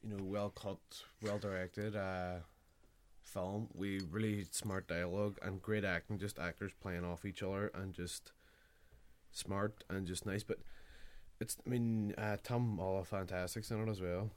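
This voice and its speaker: A man's voice: sits low, flat delivery, measured pace. A man chatting casually about films, swearing and hesitating with frequent fillers. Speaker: podcast co-host. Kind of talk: casual chat.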